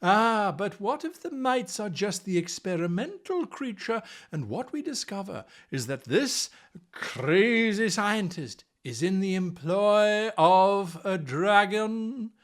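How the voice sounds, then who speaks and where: A bright, high-pitched man talks through game-running tips with swooping, animated delivery. He plays out his players' reactions and dips in and out of accents as he explains. His tone stays energetic throughout. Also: takes it slowly. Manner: animated, playfully acts out players and dabbles in accents. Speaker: game master coach. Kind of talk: enthusiastic advice video.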